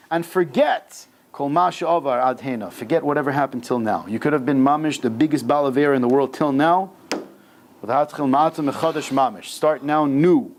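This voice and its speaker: A man as a rabbi giving an animated religious lesson, mixing scripture with casual slang, in a synagogue basement. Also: mid-range voice, moderate pace. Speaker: rabbi teaching a weekly class. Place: synagogue basement room, indoors.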